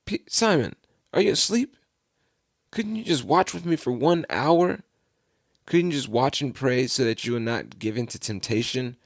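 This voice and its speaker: A man's voice: mid-range voice, fairly quick, hardly any pauses, no echo, clean studio sound, natural voice. A man reading Jesus, solemn and grave. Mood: reproachful. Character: Jesus, solemn grown man teaching his followers.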